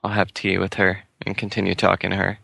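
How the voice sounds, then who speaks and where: A man's voice: low voice, completely flat delivery, fast talker, gravelly, bright, forceful tone, husky, dry recording. A man playing in a tabletop game, easygoing and thinking aloud as he plans. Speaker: player.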